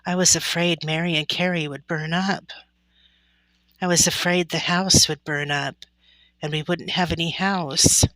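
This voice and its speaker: A woman voicing a frightened little pioneer girl in a storybook reading, halting and shaky. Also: on the low side, fairly even intonation, fairly bright tone, no room sound, low-quality recording. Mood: scared.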